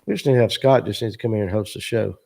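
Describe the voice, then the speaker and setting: A man hosting a casual live fishing show, asking his guests lively, easygoing questions. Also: lowish voice, racing, gravelly. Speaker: show host. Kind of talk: casual live-stream chat.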